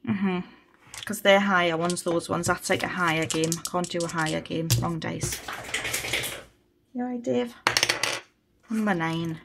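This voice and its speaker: A woman's voice: on the low side, measured pace, vocal fry, pauses often, background noise. A woman chatting casually on a budgeting vlog, thinking aloud as she counts money. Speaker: budgeting vlogger. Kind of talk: casual chat while cash stuffing.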